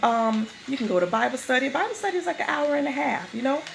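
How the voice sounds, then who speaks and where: A woman's voice: sits high, very animated, fast, creaky, rough recording. A woman giving a casual spoken devotional, talking in a conversational way that repeats and restarts phrases. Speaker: vlogger giving a faith talk.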